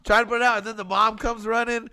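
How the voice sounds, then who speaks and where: A man's voice: very high voice, fast, crowd noise. A man and father, co-hosting a podcast, telling profane stories over drinks and acting out the people in them. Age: adult with kids. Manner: profane, animated, acts out quotes in raised voices. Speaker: podcast co-host. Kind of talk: casual storytelling over drinks.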